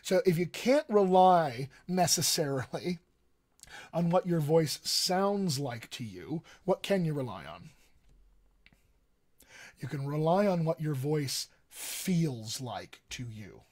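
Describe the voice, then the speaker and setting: A man's voice: a little high, animated, takes it slowly, a little mellow. A man, a dialect coach, giving a casual live-streamed voice lesson and talking straight to viewers with frequent ums. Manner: conversational, addresses viewers directly, frequent ums. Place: home studio desk.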